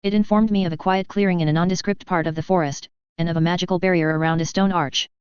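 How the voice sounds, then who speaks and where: A woman's voice: on the low side, fairly even intonation, fast, darkish tone, smooth, no room sound, natural voice. Woman reading as a dry, sardonic young wizard. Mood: dry, prickly. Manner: dry, clipped drawl. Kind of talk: fan fiction read aloud. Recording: dull lo-fi dry recording.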